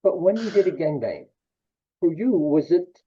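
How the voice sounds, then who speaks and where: A male interviewer with a husky, fairly high voice puts direct, provocative questions to his guest and drops his voice low on the bluntest. His recording sounds dull and muffled. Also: fairly quick.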